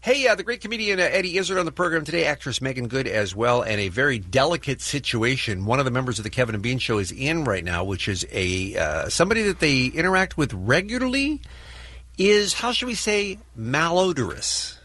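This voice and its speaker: A man's voice: mid-range voice, expressive, fairly quick, sharp tone, no echo. A man hosting a morning radio show, running a guessing game with wry patter.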